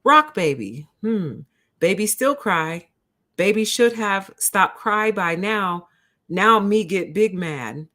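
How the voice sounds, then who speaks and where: A woman's voice: mid-range voice, animated, slow, pushed and bright. A woman voicing a frustrated, simple-minded young father who speaks in clipped, broken phrases. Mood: grumbling. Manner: clipped broken caveman grammar.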